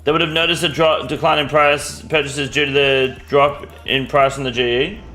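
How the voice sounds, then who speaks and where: A man's voice: medium pitch, little pitch movement, moderate pace, sharp tone, soft background music. An Australian man live-streaming a game, chatting bluntly and answering viewers' questions, swearing freely. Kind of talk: casual live-stream chat.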